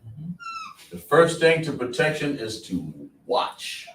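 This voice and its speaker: A man's voice: on the high side, big pitch swings, takes it slowly, a bit bright, a little hiss or hum. Echoey distant male teacher quizzing a class. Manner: repetitive, question-and-answer teaching style. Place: classroom with a board.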